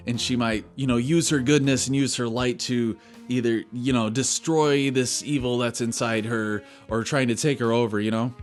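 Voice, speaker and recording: A man giving a casual, excited recap and review of a cartoon episode, chatty and full of loose filler words. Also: mid-range voice. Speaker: video reviewer.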